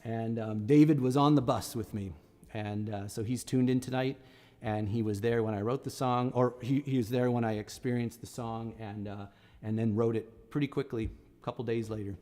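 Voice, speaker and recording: A man's voice: mid-range voice, fairly even intonation, moderate pace, dark tone, in a large hall. A middle-aged man, a singer-songwriter on a live stream, telling a story in a casual and rambling way with many restarts. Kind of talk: casual spoken storytelling between songs.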